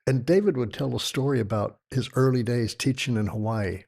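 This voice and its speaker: 60-something texas guy telling yoga stories, lively, acts out the voices, average pitch. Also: fairly quick, creaky. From Texas, United States. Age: 60s. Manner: animated storyteller who acts out quoted voices. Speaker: yoga teacher, podcast guest. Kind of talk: storytelling in a conversational interview.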